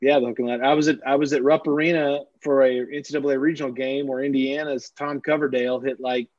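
A man who is a sportswriter, telling animated anecdotes with frequent restarts in a casual interview, on a slightly dull recording. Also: mid-range voice, fast, no room sound. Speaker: sportswriter guest.

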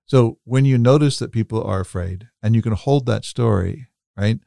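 A man co-hosting a podcast reflects thoughtfully, offering coaching-style insight and tales from his life. His mid-range voice has vocal fry and a mellow quality at normal speed, captured at studio quality with no echo.

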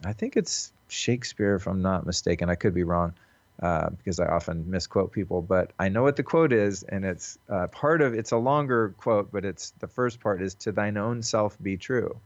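Earnest male podcast guest with a low voice, reflective and casual; dry, lo-fi call recording. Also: animated, moderate pace, no echo. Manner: earnest, reflective, loose with swearing. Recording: dull, lo-fi call audio.

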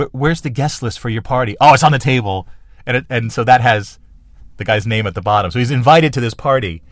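This podcast host, a middle-aged man from New Jersey, speaks solo with a mid-range, slightly bright voice. The studio sound is clean with no echo, and his casual talk is rambling, eager, and full of self-corrections and restarts.

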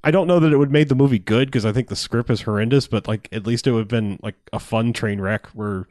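A man's voice: medium pitch, fast, darkish tone, dry recording, clean studio sound. Laid-back man rambling with a laugh. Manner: rambling, laughing, swearing, acting out movie lines. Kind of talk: casual chat.

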